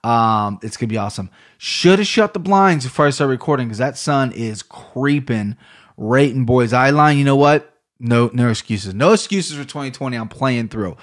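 A man from Ohio with an Ohio accent, hosting a solo sports podcast in loose, rambling, profane casual talk, a bit low on energy. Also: lively intonation, moderate pace. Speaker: podcast host. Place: home room.

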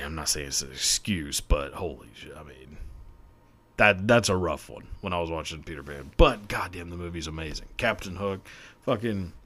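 A young man hosting his own podcast, talking alone in a rambling, profane, self-mocking way, laughing often. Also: lowish voice. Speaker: podcast host. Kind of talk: casual solo podcast monologue.

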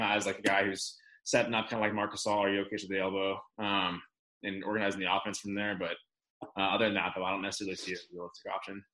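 A man's voice: low voice, bright, forceful tone, rough recording. A man co-hosting a casual sports podcast, rambling and restarting his sentences. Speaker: podcast co-host.

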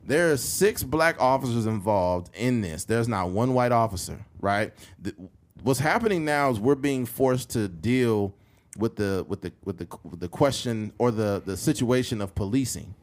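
A man co-hosting a casual podcast, talking bluntly and emphatically, sometimes reading news copy aloud haltingly and rising to heated points. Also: mid-range voice, expressive. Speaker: podcast co-host.

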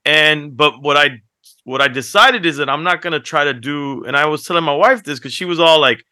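A man on a podcast, co-hosting and telling stories in a casual, animated way that breaks into laughter. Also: a little high, a little fast, no echo, clean studio sound. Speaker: podcast co-host. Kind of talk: casual chat, storytelling.

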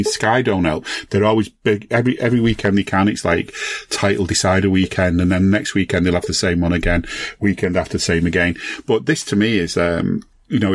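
This is a deep-voiced man with a Liverpool accent, talking football on a podcast in a loose, rambling way. He corrects himself as he goes and keeps an eager, animated flow. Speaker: podcast co-host. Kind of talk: casual football chat.

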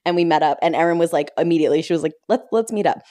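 A woman host with a low voice keeps the conversation loose and lively. She talks fast when excited and drops curse words without a second thought. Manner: chatty, animated, swears casually. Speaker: podcast host. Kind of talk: casual podcast conversation.

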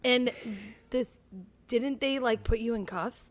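A woman's voice: a little high, takes it slowly. A woman in casual chat, reacting to a friend's story with teasing comments.

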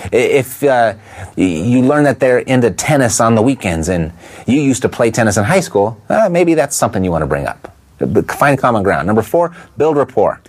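A man coaching listeners in an instructional talk, stressing his points and asking quick rhetorical questions. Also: medium pitch, big pitch swings, darkish tone. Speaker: real estate investing coach.

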